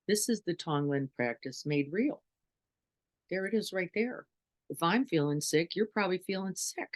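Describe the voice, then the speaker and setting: A middle-aged woman meditation teacher giving an earnest dharma talk, full of rhetorical questions to her listeners. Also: sits low.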